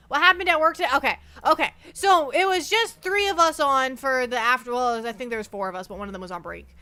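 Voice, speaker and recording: A woman's voice: sits high, lively intonation, fast, bright, forceful tone. A young adult woman streaming as a VTuber, chatting casually and playfully with her viewers and often repeating herself. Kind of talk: casual livestream chat.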